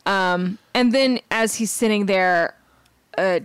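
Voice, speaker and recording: A woman's voice: mid-range voice, clear, resonant tone, no echo. Woman retelling a cartoon plot, dry sound. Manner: brisk storytelling, slipping briefly into characters' lines, laughs often. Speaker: podcast co-host. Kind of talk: casual chat recapping a cartoon episode.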